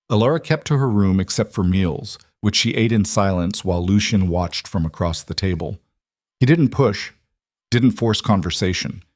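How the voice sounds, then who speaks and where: Low steady guy reading a drama story, dry close sound. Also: no room sound. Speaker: narrator. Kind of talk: scripted dramatic narration.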